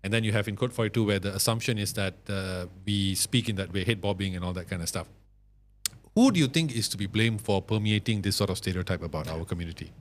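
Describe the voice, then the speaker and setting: A man's voice: lowish voice, fast. A man hosting an interview, with dry, teasing humour. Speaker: podcast host. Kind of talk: casual interview chat.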